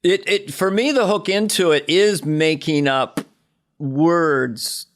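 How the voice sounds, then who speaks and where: A man's voice: fairly high pitch, slow. A man hosting a casual podcast chat, playful and chatty, asking easy questions. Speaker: podcast host.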